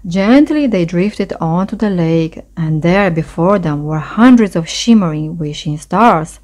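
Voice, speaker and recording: A woman reading a bedtime story aloud as storyteller, in a gentle, expressive way. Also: low voice, measured pace.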